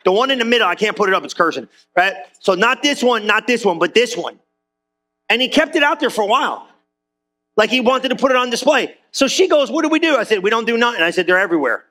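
This pastor's voice is extremely high, expressive, quick and sharp as he preaches a church sermon, addressing the congregation like friends and calling again and again for claps and amens.

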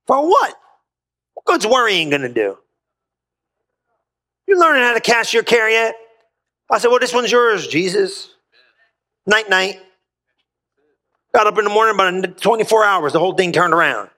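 A man's voice: high voice, very animated, brisk, long pauses, pushed and bright. A man preaching a sermon as a pastor in a church, rousing and folksy, calling out to his congregation for a response. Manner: folksy, colloquial phrasing.

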